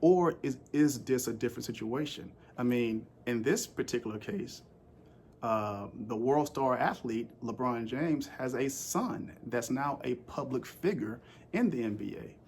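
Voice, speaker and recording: A man's voice: mid-range voice, expressive, measured pace, darkish tone, a little hiss or hum. A man recording a casual sports commentary vlog, rambling with lots of fillers and putting questions straight to his viewers. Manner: rambling, with frequent fillers and restarts; asks the audience questions directly.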